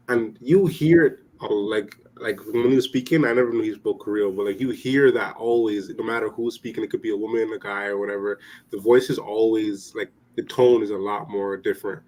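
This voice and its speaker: A young man with a slightly low voice, talking casually on a podcast. He rambles and restarts his sentences, with "like" all through his speech. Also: poor audio.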